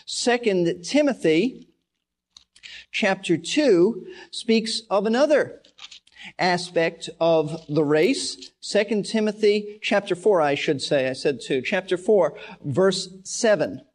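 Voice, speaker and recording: A man's voice: high-pitched, expressive, takes it slowly. A man preaching a verse-by-verse Bible teaching, earnest and emphatic, repeating key words for stress. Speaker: pastor.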